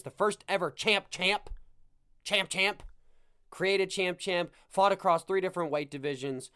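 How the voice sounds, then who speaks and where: A man hosts a casual sports podcast, talking in an animated, rambling way and cracking jokes as he goes. His voice sits a little higher than most men's. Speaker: podcast host.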